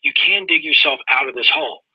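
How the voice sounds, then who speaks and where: A man voicing an impatient older male business mentor who shouts and cuts in, heard through dull, lo-fi webinar audio. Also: a little high, fairly quick, breathy edge, dry recording. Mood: firm. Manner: shouting, cutting in.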